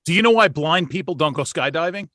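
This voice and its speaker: A man's voice: a little high, expressive, fast, fairly bright tone, dry recording, clean studio sound. A man casually trading crude one-liner jokes with a friend on a podcast. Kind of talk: casual joke-telling.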